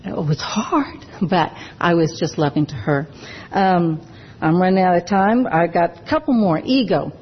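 Earnest woman sharing, husky lo-fi. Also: fairly low pitch. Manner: earnest, halting with many restarts. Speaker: recovery program speaker. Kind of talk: personal sharing talk. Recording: dull lo-fi recording.

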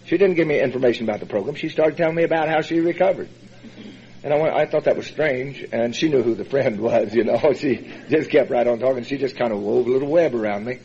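A man telling his personal recovery story as a meeting speaker, in a folksy, halting way with many fillers and chuckles. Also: medium pitch, darkish tone. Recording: dull lo-fi recording.

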